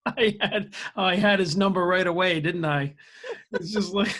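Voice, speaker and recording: A man's voice: high-pitched, a little slow, fairly bright tone. A man co-hosting a podcast in casual chat. He jokes and mocks himself, and laughs a lot. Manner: joking, self-mocking, laughs a lot. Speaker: podcast co-host.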